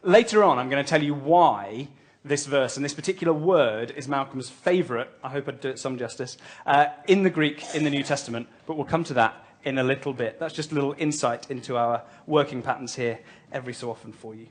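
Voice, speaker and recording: A man's voice: medium pitch, a little fast. A man preaching a sermon as pastor of his church, telling a story conversationally with light humour and frequent fillers.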